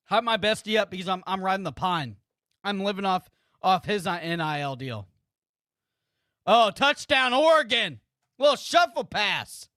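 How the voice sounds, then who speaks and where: High-pitched ranting man streaming commentary. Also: lively intonation, measured pace, pushed and bright, no room sound, studio quality. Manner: ranting, repetitive and profane. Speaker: sports streamer host. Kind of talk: live watch-party commentary.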